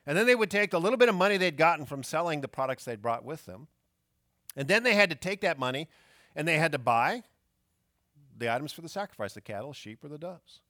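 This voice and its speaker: Lively, emphatic male preacher. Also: on the high side, fairly quick, no room sound, clean studio sound. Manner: emphatic, uses rhetorical questions. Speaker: pastor. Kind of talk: sermon.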